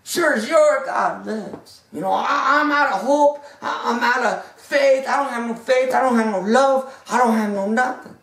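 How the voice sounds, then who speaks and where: Lady doing a desperate poor widow, pleading, kinda high, echoey far-off room. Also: moderate pace, few pauses, natural voice. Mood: despairing. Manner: pleading, despairing, a bit raised. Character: poor starving widow woman, hopeless.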